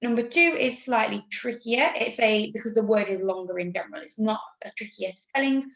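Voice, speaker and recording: A primary school teacher with an English accent gives young pupils a remote spelling lesson, upbeat and patient, walking slowly through spelling rules. Her voice is fairly high and fairly bright, heard in a roomy space with poor audio.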